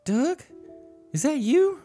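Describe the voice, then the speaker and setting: A man voicing a frantic female rabbit who serves slop to woodland creatures, with a squeaky, pleading voice. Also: very animated, slow, dark tone, faint music behind, heavily acted. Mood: astonished. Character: frantic high-pitched female rabbit cook.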